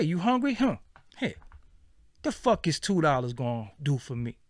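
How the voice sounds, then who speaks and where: Brief: middle-aged male vlogger, heated and emphatic, a bit high-pitched, dry close sound. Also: very animated, normal speed, no echo. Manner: heated, profane and emphatic, repeating phrases for stress. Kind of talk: impassioned rant to viewers.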